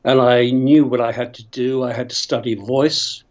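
A man's voice: medium pitch, fairly even intonation, normal speed, darkish tone. Older storytelling man, dull lo-fi audio. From Northern Ireland. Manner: rambling, goes off on tangents, chuckles. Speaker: actor guest. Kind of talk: storytelling interview.

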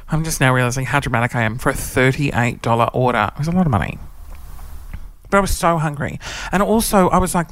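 A man's voice: medium pitch, expressive, normal speed, pauses often, a bit bright, no echo. A man telling a story in casual chat, dramatic and sweary, acting out his own angry rants.

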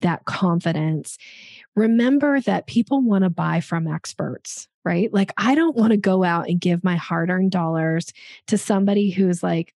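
A woman's voice: fairly low pitch, moderate pace, darkish tone, dry recording, clean studio sound. A woman sales coach giving emphatic conversational advice on an interview, acting out examples of tone.

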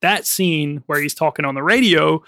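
A man co-hosting a film podcast in casual chat, rambling with lots of fillers and quick laughs. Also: on the high side, bright, forceful tone, no echo, studio quality. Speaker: podcast co-host.

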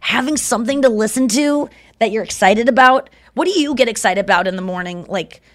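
A woman's voice: on the high side, a little fast, no echo, clean studio sound. Chatty woman podcast co-host. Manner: chatty, lots of "like" fillers. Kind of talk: casual chat.

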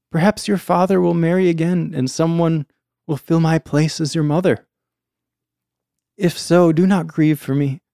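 A man voicing a gentle noble mother on her deathbed, speaking softly and weakly in a read-aloud folktale. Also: a little high, clear, resonant tone, no echo, clean studio sound, voice pushed up, natural voice. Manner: soft, weak dying voice.

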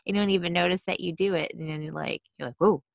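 A woman giving a casual mindfulness talk, chatty and quick to act out inner thoughts in little voices. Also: fairly low pitch, fairly even intonation, vocal fry, no room sound, clean studio sound. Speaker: mindfulness speaker.

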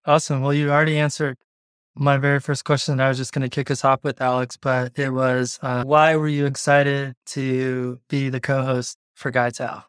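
A man hosting a podcast interview, his voice raspy after an illness, upbeat with some fillers. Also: mid-range voice, level tone, normal speed, a bit bright, no echo, clean studio sound. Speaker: podcast host.

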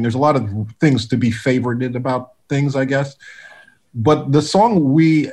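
Man telling studio stories with energy. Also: medium pitch. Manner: animated storyteller, many restarts, acts out quotes. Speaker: music producer guest. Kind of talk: relaxed interview storytelling.

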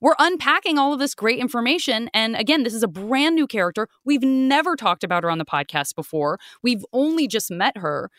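A woman co-hosting a podcast and chatting casually, animated and talkative, her voice jumping high when she gets excited. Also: no room sound, clean studio sound. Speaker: podcast co-host and voice actor. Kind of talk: casual chat.

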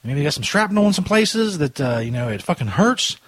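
Husky, animated podcast host ranting. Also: male voice, fairly high pitch, a little fast, dry recording. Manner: profane, ranting, jokey. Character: stoner Jesus persona. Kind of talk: casual rant podcast.

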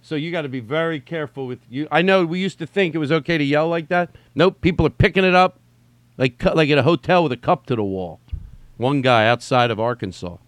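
A man's voice: fairly high pitch, a little fast, dry recording. Rambling, profane man hosting a solo podcast. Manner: rambling, profane, restarts sentences often. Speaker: podcast host. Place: at home during quarantine.

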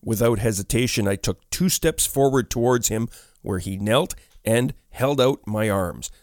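A man narrating a classic ghost story audiobook in a measured, expressive way. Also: medium pitch, no room sound, studio quality.

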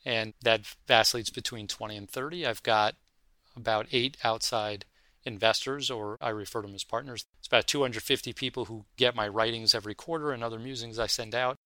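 A man, a fund manager, speaking from his office in an interview, telling his career story in an animated way and acting out the voices in his anecdotes. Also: mid-range voice, a little fast, no room sound. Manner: animated anecdotal storyteller, acts out quoted dialogue.

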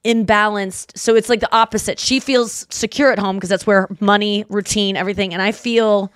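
A woman in her thirties co-hosting a podcast, telling rambling stories in a lively, animated way with frequent restarts. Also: mid-range voice, moderate pace, no room sound, clean studio sound. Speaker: podcast co-host. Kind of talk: casual chat.

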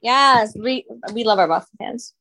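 A woman hosting a casual podcast, blunt and teasing, firing back quick comebacks. Her voice sits somewhat high. It is recorded close and dry. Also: sharp tone, no room sound. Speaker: podcast host. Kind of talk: casual chat.

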